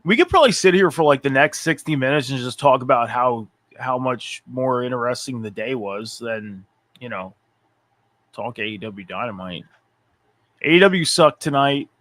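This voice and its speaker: Male co-host, mid-pitch, dry close sound, tired and blunt, swears casually. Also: lively intonation, moderate pace, fairly bright tone, no room sound. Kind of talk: casual chat.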